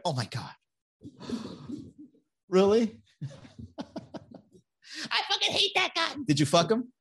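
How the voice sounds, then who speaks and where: A man's voice: on the low side, fairly bright tone. A man hosting a comedy podcast, chatting casually and reading viewer comments, profane and sarcastic, often laughing at his own jokes.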